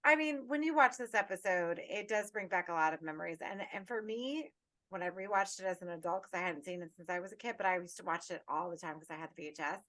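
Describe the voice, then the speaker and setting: A woman co-hosting a podcast in casual chat, animated and rambling, swearing freely, on a remote call. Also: on the low side, fast talker. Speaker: podcast co-host.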